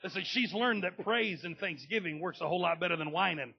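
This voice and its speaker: A man preaching a sermon with a gravelly, husky voice, swinging from low talk up to loud shouting. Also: brisk, lo-fi sound. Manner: builds from low talk to loud shouting, acts out family members. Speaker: pastor.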